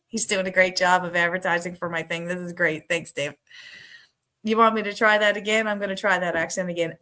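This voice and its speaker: Bright-voiced, chatty woman hosting trivia. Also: lowish voice. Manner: chatty, reads out options slowly, laughs often. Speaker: live trivia host. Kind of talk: casual live-stream chat.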